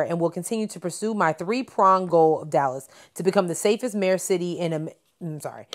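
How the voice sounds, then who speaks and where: A woman's voice: fairly low pitch, brisk, hardly any pauses. A woman podcast co-host in casual chat, reading news items aloud and adding blunt asides.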